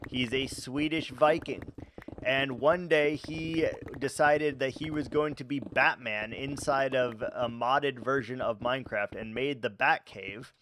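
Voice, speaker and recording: Male streamer, casual live chat, unhurried delivery, giggly and stammering, faint background hiss. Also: medium pitch, fairly bright tone. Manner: laughing, bemused, stammering.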